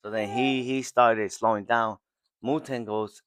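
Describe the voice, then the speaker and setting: A man's voice: lowish voice, steady tone, moderate pace, a bit bright, no echo. A man hosting a podcast, casually retelling an anime episode scene by scene and briefly acting out the characters' lines. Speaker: podcast host.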